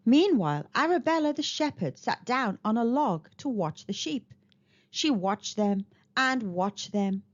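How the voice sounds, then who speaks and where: Animated woman reading a picture book. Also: a little high. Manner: expressive, animated. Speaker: storyteller. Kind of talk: children's picture book read-aloud. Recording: slightly dull lo-fi recording.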